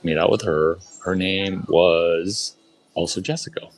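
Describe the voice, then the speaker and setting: A man's voice: low-pitched, unhurried, a little hiss or hum, rough recording. A man doing crude, boastful stand-up on a club stage, rambling through a story and talking straight to the crowd. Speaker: open-mic performer.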